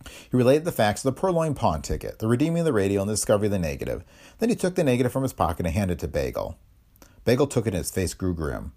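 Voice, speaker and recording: A man narrating a vintage detective story in a measured, expressive reading. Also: lowish voice. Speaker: audiobook narrator.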